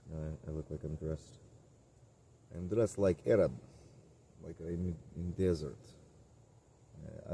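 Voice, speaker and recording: A man's voice: a bass voice, steady tone, a little slow, creaky, pauses often, warm tone, slight background noise. A man talking casually to camera outdoors, rambling through tangents with frequent restarts and laughs. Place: outdoors at a tent camp.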